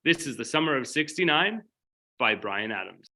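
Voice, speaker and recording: A man's voice: mid-range voice, sing-song, normal speed, bright, forceful tone. A man co-hosting a comedic radio show, playful and mock-earnest. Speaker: radio co-host.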